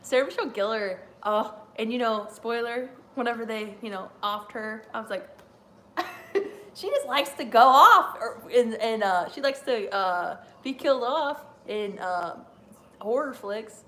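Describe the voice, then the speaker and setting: A woman's voice: fairly high pitch, lively intonation, a little slow, a bit bright, slight background noise. A young woman hosting a live stream, rambling casually with lots of fillers and frequent laughter.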